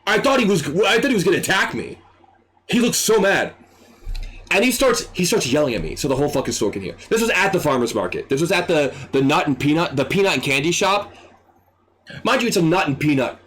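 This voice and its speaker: A young man telling a retail story in a casual, animated way, swearing freely and acting out the people in it. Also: a little high. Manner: animated, excitable, swears freely, acts out quotes. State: dry throat. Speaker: streamer.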